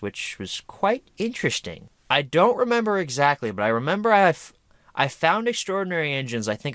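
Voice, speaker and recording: A man's voice: mid-range voice, a bit bright. A young man hosting a casual review, rambling and self-deprecating with jokey asides. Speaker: host.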